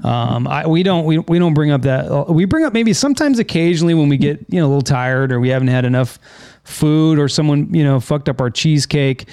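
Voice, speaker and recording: Man, podcast host, gravelly, higher voice, close dry sound, rambling casual chat. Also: expressive, a little fast, darkish tone, no room sound. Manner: rambling, restarts often, swears casually.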